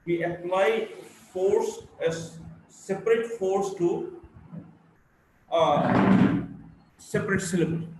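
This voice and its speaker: A man from India with a Bengali English accent, giving a slow phonetics lecture and reading word lists aloud, repeating words for drill. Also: sits high, recorded from a distance. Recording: very echoey room, faint background hum.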